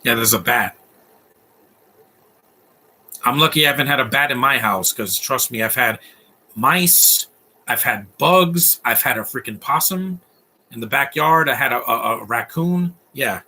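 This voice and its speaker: A man's voice: mid-range voice, measured pace, long pauses, sharp tone. A man in his thirties giving a casual, opinionated live commentary on a film, chatty and full of fillers. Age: 30s. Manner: chatty, opinionated, laughs often, many fillers.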